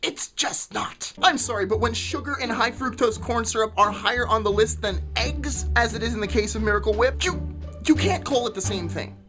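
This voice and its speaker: A woman's voice: on the high side, a little fast. A woman vlogger delivering an exasperated, sarcastic comedic rant to camera. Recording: music clearly under the voice.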